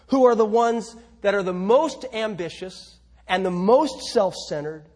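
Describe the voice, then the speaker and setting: Preacher, male, high husky voice, emphatic sermon delivery with rhetorical questions. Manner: emphatic, rhetorical questions, swings between loud and soft.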